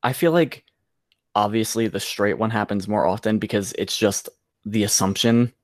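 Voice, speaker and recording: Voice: mid-range voice, steady tone, moderate pace, no room sound, studio quality. A young adult co-hosting a podcast in casual chat, easygoing and agreeable, chuckling often. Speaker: podcast co-host.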